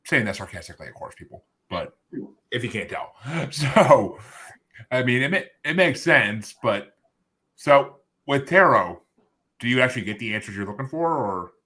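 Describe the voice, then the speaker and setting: A man's voice: mid-range voice, very animated, normal speed, pushed and bright. A man hosting a podcast interview, talking casually in rambling, self-interrupting runs with sarcastic asides. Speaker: podcast host.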